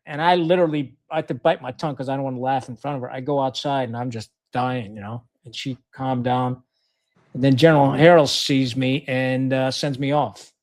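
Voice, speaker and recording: Lively storytelling man, fairly high voice. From Pakistan. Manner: lively storyteller, acts out quoted dialogue, blunt and profane. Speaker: guest, retired Marine officer. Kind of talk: casual anecdote telling.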